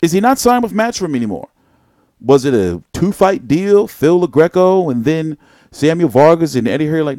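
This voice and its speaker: A man's voice: on the high side, very animated, normal speed, a little mellow, no room sound, clean studio sound. Profane, rambling male boxing host. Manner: profane, rambling, blunt street talk. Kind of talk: casual live boxing commentary.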